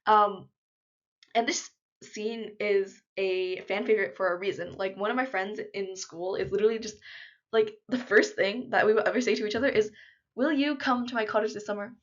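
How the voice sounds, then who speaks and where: A young woman talking casually to camera in an unedited vlog, chatty and full of fillers, gushing like an excited fan. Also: mid-range voice, moderate pace. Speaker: vlogger. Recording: slightly dull lo-fi audio.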